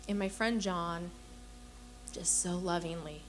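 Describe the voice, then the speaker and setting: A woman's voice: on the low side, fairly even intonation, unhurried, pauses often, a little hiss or hum. A young adult woman giving an earnest personal testimony to a women's church gathering, telling stories and acting out the voices in them. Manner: earnest storytelling, acts out quoted voices.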